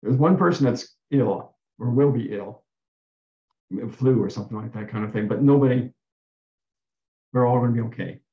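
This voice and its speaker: A man's voice: mid-range voice, moderate pace, pauses often. A man giving a talk and telling a personal story in an earnest way. He often repeats himself and restarts his phrases. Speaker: guest speaker. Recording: dull roomy talk recording.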